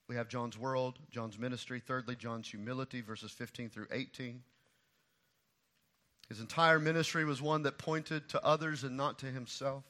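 A middle-aged man preaching a sermon as pastor, swinging from quiet asides to loud, repeated emphatic lines. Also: mid-range voice, fairly even intonation, moderate pace.

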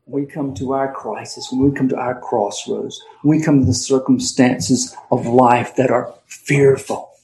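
A male pastor preaching an emphatic sermon, slowing down and swinging between loud stresses and quiet asides. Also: mid-range voice, fairly even intonation, a little hiss or hum, rough recording. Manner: emphatic preaching with dramatic pauses and swings in volume.

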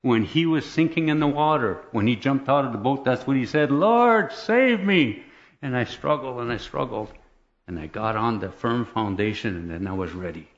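A man telling a personal testimony as a lively story, often chuckling and checking in with "right?" and "okay?". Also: medium pitch, a little fast, muffled recording.

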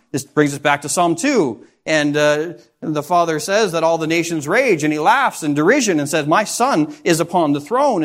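Male preacher, fairly high voice, earnest expository delivery with rhetorical questions. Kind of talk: sermon.

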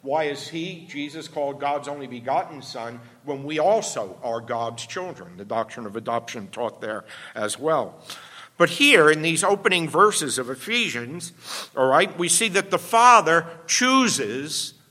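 A man's voice: on the high side, lively intonation, measured pace, pushed and bright. A man pastor delivering a teaching sermon, explaining step by step and often checking in with "all right?". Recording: long hall reverb.

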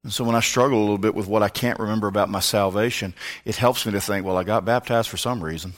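A man's voice: on the low side, steady tone, fast talker. A male pastor preaching a sermon, telling a personal story with comic asides.

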